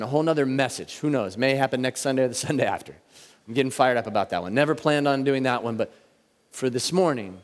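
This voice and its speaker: Casual preacher in a reverberant hall. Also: male voice, mid-range voice. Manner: conversational, slows down to stress key words. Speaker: pastor. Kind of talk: sermon. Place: church sanctuary.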